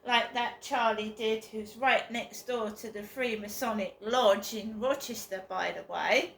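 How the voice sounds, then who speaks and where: A woman's voice: on the high side, unhurried, gravelly, fairly bright tone, reverberant. A woman venting bitterly and emotionally in a personal vlog monologue. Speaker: vlogger.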